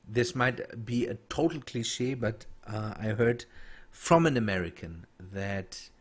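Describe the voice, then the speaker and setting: A man streaming a game and chatting with viewers, halting and restarting as he reads chat. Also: on the low side, husky. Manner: halting, many restarts and fillers while reading chat. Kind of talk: casual gameplay stream chat.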